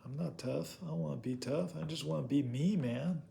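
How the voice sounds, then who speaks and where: A man's voice: fairly high pitch, normal speed, creaky, dark tone, a little hiss or hum. A man giving an informal sermon, earnest, asking rhetorical questions and repeating himself. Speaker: preacher.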